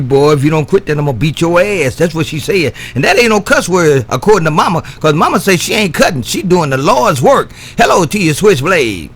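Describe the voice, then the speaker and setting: A man in casual CB radio banter, drawling and repeating his sign-off catchphrase, his words trailing off low. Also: fairly bright tone. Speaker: CB radio operator.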